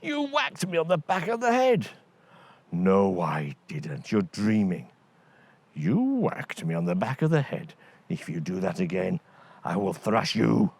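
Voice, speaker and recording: A man's voice: lowish voice, wildly swooping pitch, unhurried, gravelly, darkish tone, husky, exaggerated voice. A man voicing two huge, dim male giants bickering in a storybook tale. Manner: blustering, bickering.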